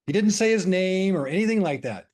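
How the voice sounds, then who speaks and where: Unhurried, thoughtful middle-aged man. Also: high-pitched, expressive, a little mellow. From Hawaii. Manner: thoughtful, unhurried, with many pauses and fillers. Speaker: spiritual discussion leader. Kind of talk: reflective storytelling talk.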